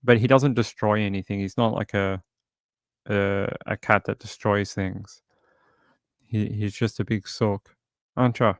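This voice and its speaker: An Australian man who runs a livestream show, chatting casually and cooing softly to his cat at home into a desk microphone. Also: fairly low pitch, fairly even intonation, a little slow, long pauses, no echo, studio quality. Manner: soft, chatty and rambling, coos at his cat. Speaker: true crime streamer. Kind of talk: casual chat during a livestream. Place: home, indoors.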